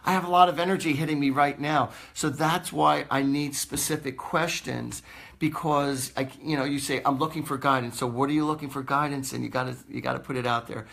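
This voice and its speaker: A man's voice: medium pitch, steady tone, brisk, gravelly, fairly bright tone. A man, a psychic host chatting casually on a live stream, rambling and laughing often.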